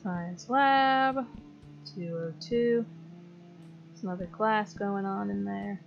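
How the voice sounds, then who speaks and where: A woman's voice: mid-range voice, slow, creaky, dull audio, faint music behind. A woman giving casual gameplay commentary with chatty, self-deprecating asides. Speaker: let's play host.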